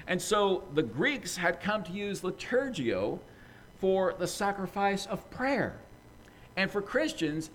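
Animated, high-voiced male preacher. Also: rough recording. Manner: animated, emphatic teaching with rising intensity. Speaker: pastor. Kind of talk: sermon.

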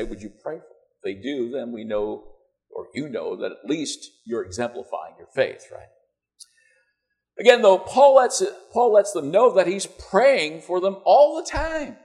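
A man's voice: fairly high pitch, big pitch swings, moderate pace, a little mellow. A man preaching a conversational sermon to his church, joking in asides and checking in with "right?" and "you know".

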